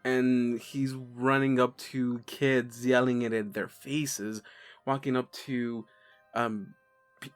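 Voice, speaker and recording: A man narrating as game master of a tabletop game, halting and unhurried. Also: mid-range voice.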